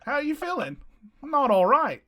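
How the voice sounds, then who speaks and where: A man's voice: extremely high pitch, measured pace. A man hosting a podcast, chatting casually, joking and swearing with a friend. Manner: joking, swearing, lively, trails off. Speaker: podcast host. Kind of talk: casual chat.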